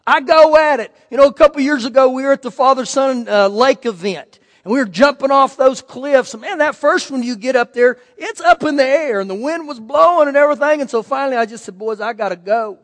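High-voiced pastor preaching in a reverberant hall. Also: male voice, a little fast, hardly any pauses. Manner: folksy storytelling with animated quoted voices. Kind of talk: sermon with personal stories.

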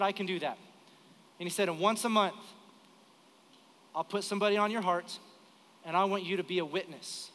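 A man in his thirties delivers an earnest, emotional sermon story at a live church service. His voice sits high and sounds bright and forceful. A long reverb from the sanctuary trails behind his words. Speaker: preacher.

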